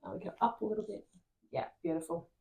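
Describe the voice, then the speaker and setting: A woman's voice: fairly low pitch, lively intonation, fast, warm tone. A woman co-hosting a cross stitch video, chatting casually and laughing through her words. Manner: chatty, laughing while she talks. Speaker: co-host of a cross stitch channel. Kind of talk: casual chat.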